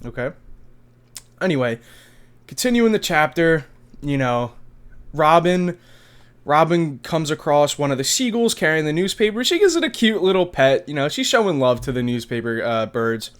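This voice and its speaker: A young man in his twenties with a slightly higher voice than most men. He rambles through a manga chapter review in loose, slangy chat, tossing in casual swears and quick impressions of characters. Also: sing-song, clear, resonant tone. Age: 20s. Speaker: anime review vlogger.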